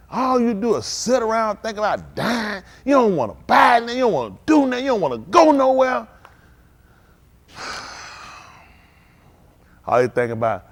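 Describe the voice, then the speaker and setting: Folksy preacher man, slightly high voice. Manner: conversational, folksy preaching with sudden loud outbursts; talks straight to the congregation, asking questions. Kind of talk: live-streamed sermon. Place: synagogue service.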